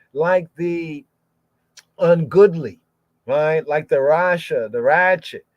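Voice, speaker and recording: Slow, repetitive male scripture teacher. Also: on the high side, darkish tone, no echo. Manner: repeats words and phrases many times, sounding out terms. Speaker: Bible teacher. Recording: dull lo-fi podcast audio.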